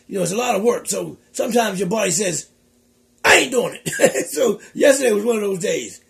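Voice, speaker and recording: A worn-out man talking in a slow, weary drawl, with a gravelly edge to his voice. His voice sits fairly high, even when he is tired. He is hosting a relaxed comic vlog. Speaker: vlog host. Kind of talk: casual comic banter.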